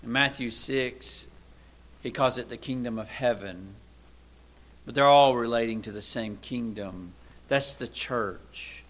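Bright-voiced man preaching a conversational sermon. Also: measured pace. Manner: conversational, asks the listeners rhetorical questions; swings between loud emphatic lines and quiet low asides.

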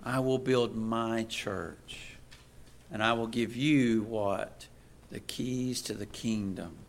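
A man preaching a sermon, moving from quiet asides to loud, emphatic readings of scripture. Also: lowish voice, steady tone, takes it slowly, slight background noise.

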